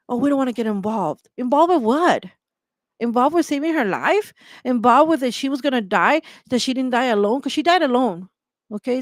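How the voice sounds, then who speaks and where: A woman host speaks in an impassioned monologue, circling back to the same points and firing off rhetorical questions. Her voice sits fairly high, and the sound is dry and close with no room around it. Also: no echo. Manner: emphatic, repetitive, rhetorical questions, heated.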